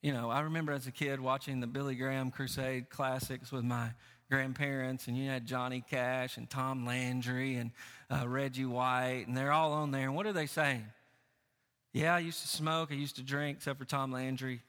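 A middle-aged male pastor preaching a sermon, animated and shifting between raised emphatic lines and quieter, lower asides. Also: normal speed, long reverb tail.

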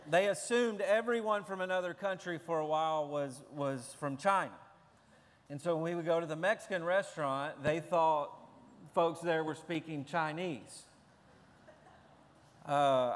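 A man from Tennessee, a pastor, preaching a sermon that moves from family stories to emphatic preaching. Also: a little high. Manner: storytelling, builds to emphatic preaching. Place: large church sanctuary. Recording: long hall reverb.

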